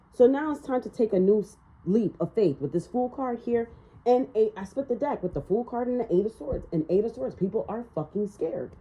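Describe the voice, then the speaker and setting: A woman giving a casual tarot reading, blunt and profane, ranting and laughing as she talks. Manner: animated, swinging up and down in pitch. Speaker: tarot reader. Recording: slightly dull, lo-fi sound.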